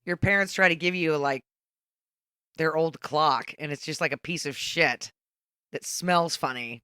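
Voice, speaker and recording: A man on a podcast panel, tossing out crude, deadpan one-liners about a bad movie. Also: fairly high pitch, unhurried, smooth, dry recording, clean studio sound. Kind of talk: casual chat riffing on a bad movie.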